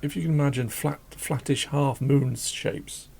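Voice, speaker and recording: A man hosting a drawing channel, chatting casually and rambling as he draws, self-deprecating and laughing often, with a croaky voice. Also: mid-range voice, steady tone, measured pace, darkish tone. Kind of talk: casual chat while drawing. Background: faint classical music.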